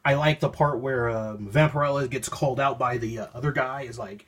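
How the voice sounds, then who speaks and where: A man with a husky, slightly breathy voice talks through a comic issue in a loose, rambling way. He paraphrases the dialogue and stops himself mid-thought. He records on a phone. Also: mid-range voice, steady tone, a little fast, few pauses, fairly bright tone. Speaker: comic book reviewer. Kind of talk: casual spoken review, reading panels aloud.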